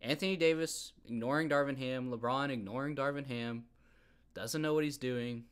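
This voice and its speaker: A young man hosting a podcast, ranting heatedly about basketball in a casual, animated way and often repeating himself. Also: mid-range voice, normal speed, smooth. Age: young adult. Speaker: podcast host. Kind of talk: casual sports rant.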